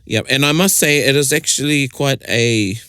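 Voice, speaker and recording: A man's voice: mid-range voice, normal speed, pushed and bright, clear, resonant tone, no room sound, studio quality. Playful man. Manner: playful, mixes Māori and English, acts out example lines. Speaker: host. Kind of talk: casual podcast chat teaching te reo phrases.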